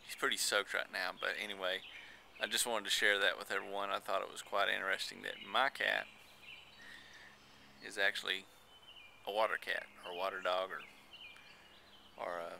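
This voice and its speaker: A man filming his cat outdoors while watering plants, chatting in a relaxed, amused way on a handheld camcorder. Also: low voice, normal speed, creaky, pauses often, slight background noise. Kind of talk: casual home video vlog. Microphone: handheld camcorder mic.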